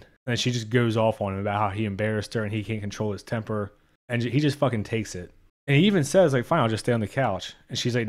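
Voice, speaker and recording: A man's voice: fairly low pitch, fast. A young man giving a casual spoken movie review, blunt and profane, openly exasperated.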